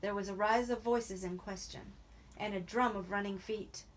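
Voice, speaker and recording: A woman reading a novel aloud in a steady, even narrating voice. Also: medium pitch, moderate pace, a little hiss or hum. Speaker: reader.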